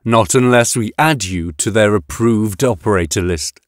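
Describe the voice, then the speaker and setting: A man voicing a calm, polite android scientist. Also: fairly low pitch, moderate pace, dry recording, clean studio sound, close to an everyday voice.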